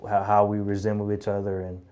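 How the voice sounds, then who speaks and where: A man in his thirties speaking in a relaxed way with many fillers in an interview. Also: on the low side, brisk. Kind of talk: casual interview.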